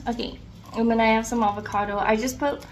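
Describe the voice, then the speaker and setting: A young woman in a mukbang vlog, chatting casually and excitedly between bites, with lots of "like" and appreciative "mm" sounds. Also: fairly high pitch, fast talker, slight background noise. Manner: chatty, filler-heavy, excitable, with chewing and "mm" sounds between remarks. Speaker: mukbang vlogger. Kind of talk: casual chat while eating.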